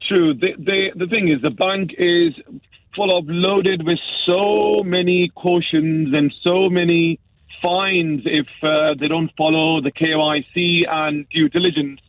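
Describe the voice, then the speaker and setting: Halting man on a tinny phone line. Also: high voice, dry recording. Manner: halting, repeats words while explaining. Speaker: guest on a phone-in, former banker.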